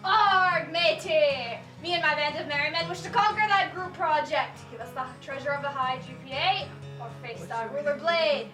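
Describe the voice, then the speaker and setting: Woman doing a squawky high pirate, bossy and greedy, far away in an echoey room with music. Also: moderate pace, close to an everyday voice. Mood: blustering. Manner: growling pirate bluster, singsong parrot squawks. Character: boisterous female pirate student, bossy and greedy.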